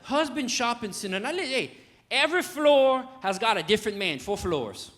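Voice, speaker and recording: A man's voice: very high voice, very animated, moderate pace, a bit bright. A man with a Cajun accent telling a folksy stand-up story on stage, talking straight to the audience. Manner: folksy, chatty, addresses audience as y'all. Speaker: stand-up comedian. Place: comedy stage.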